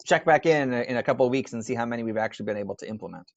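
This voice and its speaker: A man's voice: mid-range voice, rapid-fire, gravelly, dry recording. A man co-hosting a podcast in easygoing casual chat. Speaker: podcast co-host. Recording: dry, slightly dull sound.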